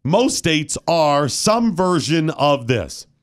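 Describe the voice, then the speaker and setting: A man hosting a talk show, ranting with mock solemnity and breaking into loud indignant outbursts. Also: fairly high pitch, very animated, slow. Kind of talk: comic rant on a talk show.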